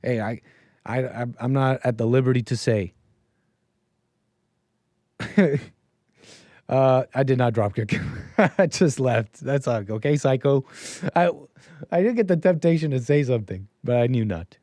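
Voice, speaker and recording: A man's voice: mid-range voice, unhurried, long pauses, warm tone, no room sound, studio quality. A man from the United States hosting a casual call-in livestream, rambling and restarting his sentences as he tells stories. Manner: rambling, with frequent restarts and asides. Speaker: livestream show host. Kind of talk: casual call-in show monologue.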